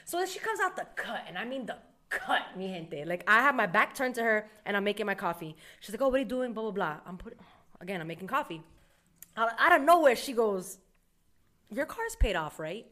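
Young woman podcast host, casual storytelling, expressive and swearing freely, voices her mother in quotes. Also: mid-range voice, brisk. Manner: animated, profane, mimics her mother.

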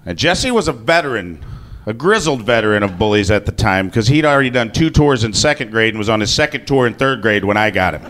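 A man's voice: medium pitch, fairly bright tone. A man telling a personal story to an audience in a casual, joking way, swearing freely. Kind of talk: live comic personal storytelling.

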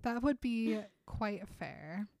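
A woman co-hosting a casual chat, reading book passages aloud in a softer voice and laughing often. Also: on the high side, slow pace, no room sound. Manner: reads quotes softly, laughs often. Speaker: podcast co-host.

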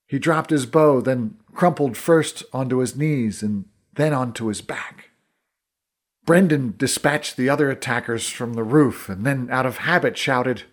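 A man reading a first-person fantasy audiobook in a measured, vivid storytelling manner. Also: mid-range voice. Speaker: audiobook narrator.

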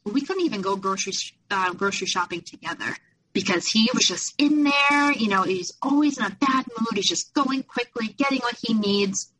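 Bright-voiced woman recounting her past. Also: on the high side, normal speed, rough recording. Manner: candid, animated when quoting others. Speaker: podcast guest, abuse survivor. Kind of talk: personal storytelling in an interview.

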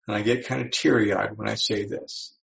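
A man giving a motivational talk to an audience, animated and acting out the voices he quotes. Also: lowish voice, moderate pace, gravelly, low-quality recording. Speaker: motivational speaker.

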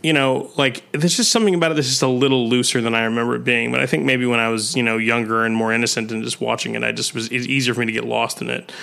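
A man's voice: mid-range voice, fairly even intonation, rapid-fire, gravelly, hardly any pauses, bright, forceful tone. A man in his thirties in a casual film chat, thinking aloud in hesitant, restarting sentences. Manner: hesitant, thoughtful, many restarts.

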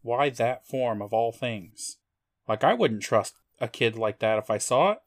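A man co-hosting a casual podcast, with a voice of middling pitch. He grumbles wryly and laughs as he talks. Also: expressive, unhurried. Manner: wry complaints, laughs. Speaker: podcast co-host. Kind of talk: casual recap chat.

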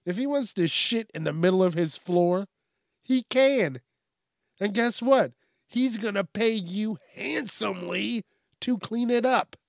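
A man's voice: sits high, unhurried, vocal fry, dry recording, clean studio sound. A man casually riffing on news stories, laughing often, swearing, and rambling. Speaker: news commentary host. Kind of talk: casual comedic news commentary.

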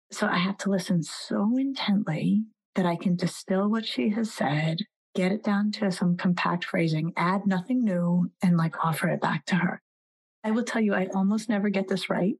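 A woman's voice: lowish voice, a little mellow, husky, poor audio. A woman in her forties, a psychologist and author, talking as a guest in a podcast interview and animatedly telling stories, acting out the voices of the people she quotes.

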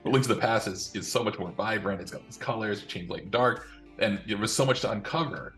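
A man's voice: on the low side, quick pace, fairly bright tone, soft background music. A man in his thirties chatting casually as podcast co-host, rambling and restarting his sentences. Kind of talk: casual chat.

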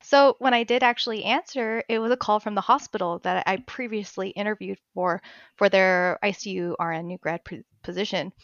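A young woman telling a personal story in a casual chat, getting emotional and animated as she retells it. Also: medium pitch, fairly quick, no echo, highs cut off. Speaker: guest.

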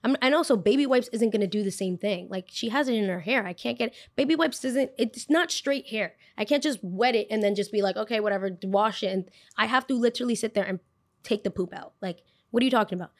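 A young woman hosting a podcast, telling a story in a chatty, animated way with lots of filler words. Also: on the high side, fast. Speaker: podcast host. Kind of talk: casual storytime.

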